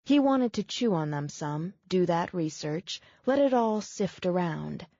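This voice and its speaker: A woman narrating a novel in a measured, steady way. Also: lowish voice, no echo, muffled recording. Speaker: audiobook narrator. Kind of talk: scripted audiobook narration.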